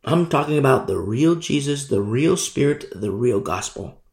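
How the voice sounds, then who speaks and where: Gravelly-voiced preacher man in an echoey room. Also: medium pitch, animated, moderate pace, darkish tone. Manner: preaching, repetitive, emphatic rhetorical questions. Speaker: pastor. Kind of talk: sermon.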